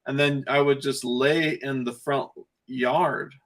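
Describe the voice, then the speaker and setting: A man's voice: mid-range voice, steady tone, takes it slowly, fairly bright tone. A man guesting on a podcast, telling stories in a rambling, casual way and laughing often between phrases. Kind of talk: casual chat.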